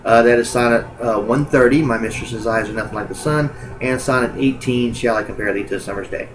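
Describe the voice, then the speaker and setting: A man's voice: mid-range voice, brisk, a little hiss or hum, poor audio. A man teaching in a recorded lecture, talking informally and using many filler sounds.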